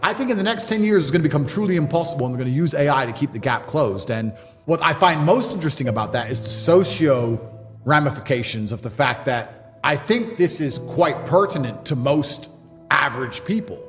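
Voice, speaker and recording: A man's voice: on the high side, animated, a little fast, a bit bright. Blunt, emphatic man lecturing. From England. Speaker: podcast guest. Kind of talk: motivational monologue. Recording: long reverb with music underneath.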